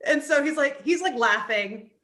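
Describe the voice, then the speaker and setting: Woman, East Coast US upbringing, interview guest. Bright, lively storytelling, heavy filler words, recorded in an echoey room. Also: high voice, moderate pace. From East Coast of the United States. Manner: animated, frequent "like" fillers. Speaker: author and psychologist, interview guest.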